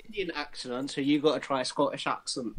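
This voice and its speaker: A man's voice: mid-range voice, steady tone, brisk, very noisy. A man co-hosting a podcast in casual chat, swearing freely and plugging the show. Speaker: podcast co-host.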